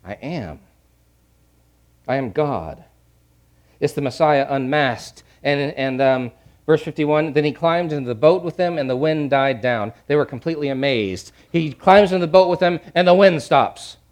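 A middle-aged male pastor preaching a sermon, repeating key phrases and swinging from hushed to loud. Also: fairly high pitch, normal speed.

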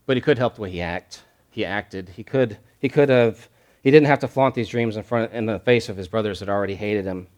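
A man's voice: lowish voice, fairly quick, darkish tone. A man preaching a sermon, repeating key phrases for stress and reading scripture aloud with rising energy. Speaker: pastor.

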